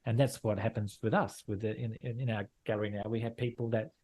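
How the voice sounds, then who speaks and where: A middle-aged man from Western Australia, a landscape photographer and gallery owner, talks frankly in a casual interview, often repeating and restarting phrases. His lowish voice is a little mellow and fairly even in intonation, and he speaks fast.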